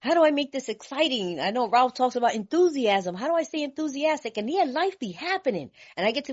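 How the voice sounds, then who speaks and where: Blunt, animated woman from California. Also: high-pitched, a little fast, hardly any pauses. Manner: blunt, animated, laughing, streetwise. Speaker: recovery meeting speaker. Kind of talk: sharing her story at a recovery meeting. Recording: dull lo-fi recording.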